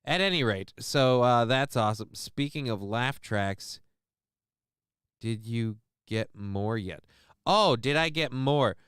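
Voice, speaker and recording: Smooth-voiced, profane livestream host man. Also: mid-range voice, animated, slow pace, fairly bright tone, dry recording, clean studio sound. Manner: profane, rambling, self-mocking. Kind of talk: casual livestream chat.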